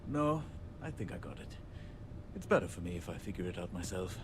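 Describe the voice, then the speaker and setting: In video game dialogue, an actor voices a short-tempered, self-deprecating handyman, joking wryly. His low voice swings widely in pitch, moves fairly quickly, and sits over a noisy background.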